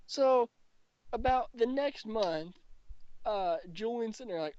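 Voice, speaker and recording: A man's voice: extremely high pitch, animated, slow pace, darkish tone, dry recording. A young man hosting a casual podcast, telling a school story with lots of swearing and acting out what his friends said. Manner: profane, mocking, acts out quotes of friends. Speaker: podcast host. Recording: dull lo-fi home recording.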